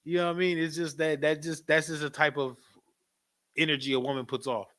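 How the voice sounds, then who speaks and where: A man leads a class in a loose, preaching style, repeating himself and checking in with the room. His voice sits fairly high and rings bright and forceful, and he laughs often as he talks. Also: a little fast. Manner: animated, repetitive, frequent asides to the audience; laughs often while talking. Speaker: class teacher.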